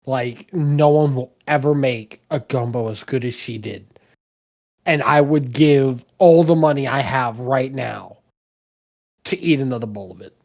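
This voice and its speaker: A man's voice: mid-range voice, unhurried, darkish tone. Blunt, swearing man from the South. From American South. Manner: blunt, swearing, emphatic opinions. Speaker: podcast guest, cook. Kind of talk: casual chat.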